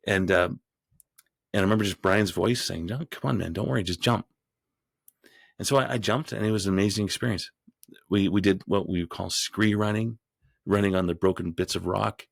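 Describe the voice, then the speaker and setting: A man who is a podcast guest, telling a story in a rambling way with frequent restarts and growing animated as he goes. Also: low voice, creaky, no echo, studio quality. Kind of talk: storytelling in an interview.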